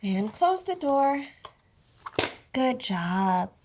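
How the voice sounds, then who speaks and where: A woman speaking slow, exaggerated parentese baby talk to her little child while they play. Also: sits high, big pitch swings, darkish tone, slight background noise. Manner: slow, sing-song and exaggerated.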